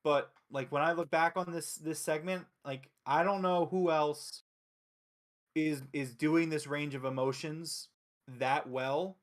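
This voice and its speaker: A man from Philadelphia hosting a casual wrestling review show, talking excitedly and emphatically with frequent swearing. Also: fairly high pitch, measured pace. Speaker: host.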